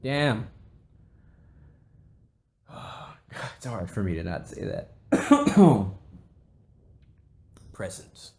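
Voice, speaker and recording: A man's voice: on the low side, wildly swooping pitch, very slow, pauses often, a little mellow. Profane, rambling male podcast host. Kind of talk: casual rambling podcast chat.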